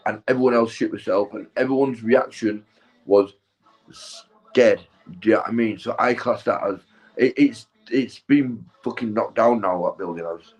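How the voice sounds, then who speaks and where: A young male vlogger, stoned, rambles through a casual, sweary story in a lowish, slightly mellow voice, and the recording is low quality. He keeps checking in with his listener, tacking on "right?" and "mate."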